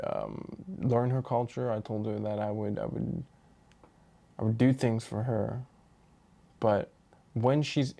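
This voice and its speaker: A man telling a personal story in a rambling, halting way, with many restarts and fillers. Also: medium pitch, vocal fry, mellow. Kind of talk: casual storytelling monologue.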